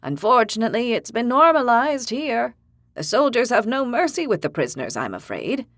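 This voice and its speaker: A woman narrator voicing a weary, regretful older male interpreter in an audiobook, speaking slowly and gravely. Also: fairly high pitch, sing-song, fairly bright tone, dry recording, pitched above the performer's own voice, exaggerated voice. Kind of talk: audiobook character voice.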